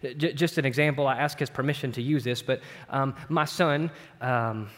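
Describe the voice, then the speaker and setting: A middle-aged man preaching a sermon in a conversational way, often asking "right?" and moving between loud, lifted passages and hushed ones. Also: medium pitch, normal speed. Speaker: pastor. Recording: long hall reverb.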